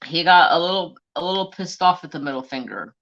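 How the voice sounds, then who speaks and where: A man's voice: on the high side, lively intonation, fairly quick, pushed and bright, dull audio. A man hosting a crafting live stream, telling stories in casual, profane chat. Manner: chatty, profane storyteller.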